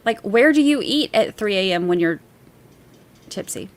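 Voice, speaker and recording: A woman's voice: medium pitch, animated, normal speed. A woman hosting a casual livestream, reading viewer messages aloud and chatting in a rambling, easygoing way with easy laughs.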